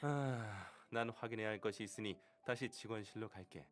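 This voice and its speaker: A man voicing a calm teacher in a visual novel, speaking in a brisk, matter-of-fact way. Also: fairly low pitch, no room sound, close to an everyday voice. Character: calm male teacher at the academy. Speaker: game character.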